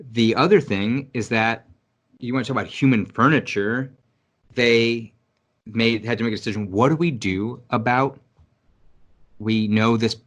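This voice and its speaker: Low-voiced guy from nyc ranting casually on a podcast, cusses a lot, restarts sentences. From New York City. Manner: blunt, profane and emphatic, with frequent restarts. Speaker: podcast co-host. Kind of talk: casual chat.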